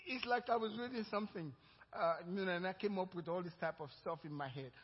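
A man's voice: high-pitched, fast, husky. A male pastor preaching a sermon, moving from personal storytelling to fervent exhortation. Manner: storytelling, then rising to loud fervent exhortation. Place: church sanctuary. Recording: dull lo-fi church recording with long reverb.

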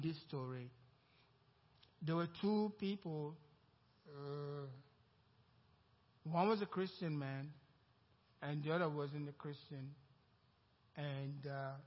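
A man preaching a sermon as pastor, acting out the voices in his story with animated emphasis. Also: fairly high pitch. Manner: animated preaching, acts out quoted dialogue. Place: church sanctuary. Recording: dull echoey church hall recording.

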